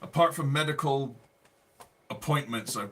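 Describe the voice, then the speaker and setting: An English man co-hosting a livestream, chatting in a relaxed, hesitant way with many fillers. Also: medium pitch, normal speed. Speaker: livestream co-host. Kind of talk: casual chat.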